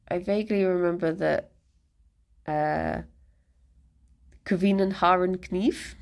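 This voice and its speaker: A woman live streamer chatting casually with her viewers, rambling and self-deprecating, chuckling as she goes. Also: on the low side.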